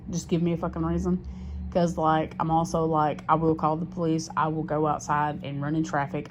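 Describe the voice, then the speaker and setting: Low-voiced woman venting in a muffled diary vlog. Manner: candid and rambling, swears freely, many fillers and restarts. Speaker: diary vlogger. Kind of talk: casual confessional diary talk. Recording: muffled lo-fi sound with steady background noise.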